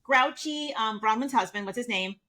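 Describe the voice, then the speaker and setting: Gossipy woman cohost, fairly high voice, keeps saying allegedly. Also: moderate pace, sharp tone. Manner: gossipy, hedges with "allegedly" and "I mean". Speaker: podcast co-host. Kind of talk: casual chat.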